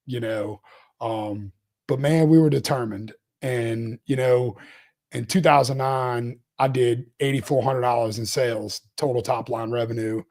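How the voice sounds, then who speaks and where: A man in his forties, a company CEO telling his start-up story in a casual interview, rambling and animated, laughing often. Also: mid-range voice, moderate pace. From Louisiana, US. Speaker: CEO guest.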